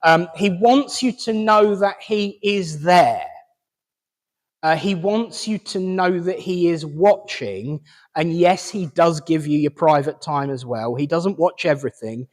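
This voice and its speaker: A fairly high-voiced man leads a mediumship reading at a service, chatty and halting, with fillers and restarts. His voice rings out with a long hall reverb. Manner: chatty, hesitant, relaying messages with fillers and restarts.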